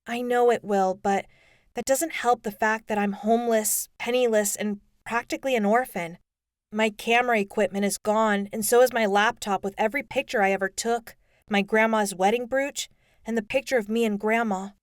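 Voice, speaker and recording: A woman's voice: fairly high pitch, steady tone, normal speed, dry recording, lightly acted. A woman voicing an upset, vulnerable teenage girl in an audiobook, speaking earnestly and close to tears. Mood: distressed. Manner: tearful, earnest pleading. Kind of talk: audiobook character voice.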